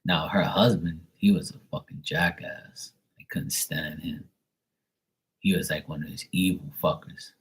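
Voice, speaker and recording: Low husky dude ranting about family, swears a lot, real blunt. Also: male voice, steady tone, measured pace, a bit bright, poor audio. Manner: blunt, profane, venting. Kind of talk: casual chat.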